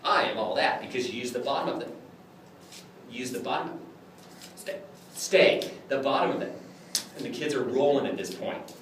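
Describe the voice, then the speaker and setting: A man lecturing on clown magic and demonstrating tricks to a class in an animated, jokey way, often acting out his exchanges with kids. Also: mid-range voice, moderate pace, pauses often. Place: lecture room. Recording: echoey room, far from the mic, background noise.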